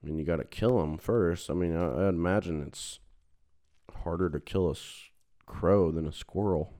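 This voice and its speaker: A man's voice: low-pitched, normal speed, warm tone. A man co-hosting a podcast who tells funny stories about his coworkers in a loose, casual way, cursing freely and laughing at his own tales. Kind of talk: casual storytelling chat.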